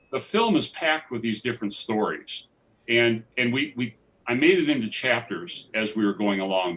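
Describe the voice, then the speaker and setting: A man with a lowish, slightly bright voice, a documentary filmmaker, tells stories in a live festival interview on a theatre stage, with slight background noise. He rambles with eager enthusiasm and often restarts, picked up by a distant mic in the theatre.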